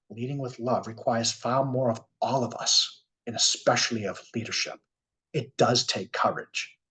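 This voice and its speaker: Man, Boston accent, workshop speaker, earnest, heartfelt, slow with pauses, reflective storytelling. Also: mid-range voice, fairly bright tone, poor audio. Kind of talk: reflective keynote talk with storytelling.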